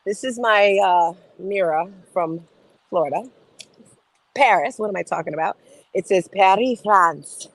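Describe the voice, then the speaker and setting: A middle-aged woman hosts a morning motivational talk outdoors. Her voice sits at a middle pitch, and she talks straight to her viewers. She is energetic and emphatic throughout. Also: measured pace, dry recording, low-quality recording. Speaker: motivational host.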